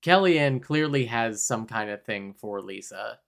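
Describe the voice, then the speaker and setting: A man's voice: on the low side, animated, creaky, fairly bright tone. A man co-hosting a podcast, recapping a movie in wry casual chat and acting out the characters' lines. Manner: wry, acts out characters' lines in quick bursts. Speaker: podcast co-host.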